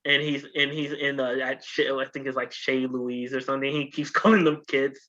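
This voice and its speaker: Rambling, bright-voiced podcast man. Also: medium pitch, fairly even intonation, moderate pace, lo-fi sound. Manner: rambling, full of restarts and "like". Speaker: podcast co-host. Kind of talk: casual chat.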